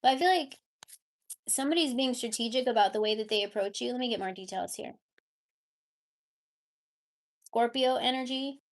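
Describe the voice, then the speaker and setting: A woman's voice: on the high side, fast. A woman giving a live tarot reading, chatting casually with her viewers. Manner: baby talk to her cat. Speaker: tarot reader.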